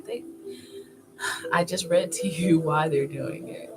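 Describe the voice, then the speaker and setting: A woman's voice: low voice, slow, pauses often. Chatty woman vlogger over background music. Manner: chatty, animated, laughs often. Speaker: wellness vlogger. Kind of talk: casual talk to camera. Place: indoor filming setup with two cameras. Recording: clear music playing behind.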